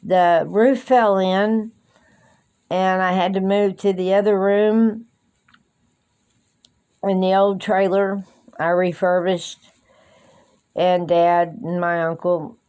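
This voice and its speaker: A woman vlogging at home on her phone, rambling and talking up to her cats in a high coaxing voice. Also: level tone, slow pace, long pauses, a little mellow, smooth, highs cut off. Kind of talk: casual chat to camera. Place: small room in a trailer at home.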